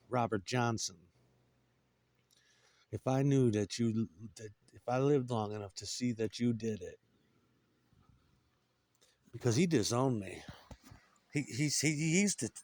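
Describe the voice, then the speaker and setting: Middle-aged man, rambling profane monologue, low-ish voice, dry recording. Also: darkish tone, dry recording. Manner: profane, bitter, puts on voices for quoted people. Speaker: guitarist.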